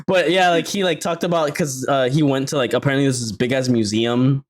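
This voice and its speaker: A young man co-hosting a casual podcast, telling stories in an animated way, breaking into loud laughs. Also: medium pitch, a little fast, a crowd in the background. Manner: animated storytelling, loud laughs, quotes others in raised voice. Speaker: podcast co-host. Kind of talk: casual chat.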